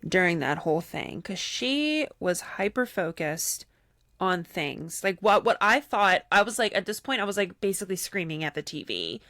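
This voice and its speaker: Bright-voiced woman on a podcast, super animated, keeps acting out what people said, dry close sound. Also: lowish voice, normal speed, no room sound. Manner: animated, acts out other people's lines mid-story. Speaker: podcast co-host. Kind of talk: casual chat recapping a reality show.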